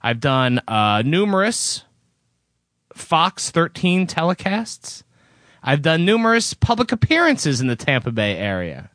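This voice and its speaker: Male podcast co-host, somewhat high and very lively voice, sheepish storyteller, dry close recording. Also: a little slow, no room sound. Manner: embarrassed, self-deprecating storyteller. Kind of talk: casual podcast banter.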